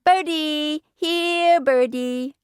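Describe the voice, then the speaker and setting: A woman voicing an excitable toddler boy in a high, squealing, babyish voice for a storybook reading. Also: very slow, no echo, studio quality. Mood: gleeful squealing.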